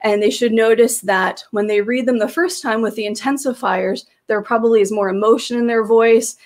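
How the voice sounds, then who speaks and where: A woman's voice: fairly high pitch, gravelly. A woman presenting slides to teachers, explaining in a patient way with frequent fillers and restarts, speaking into a computer microphone on a video call. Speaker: teacher trainer presenting a webinar.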